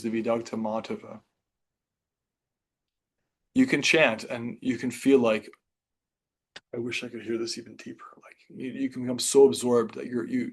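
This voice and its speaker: Man teaching a relaxed scripture class. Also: mid-range voice. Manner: conversational, reflective, with restarts and softer asides. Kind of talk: reading and explaining scripture to a class.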